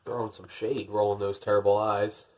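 A man reading a picture book aloud, lifting his voice for the narration and dropping to wry, deadpan jokes in between. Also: normal speed, background noise. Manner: wry, deadpan joking asides; rises for narration, drops low for asides. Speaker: podcast host.

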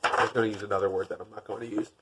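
A man reading a picture book aloud, lifting his voice for the narration and dropping to wry, deadpan jokes in between. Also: rapid-fire, very noisy. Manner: wry, deadpan joking asides; rises for narration, drops low for asides. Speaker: podcast host.

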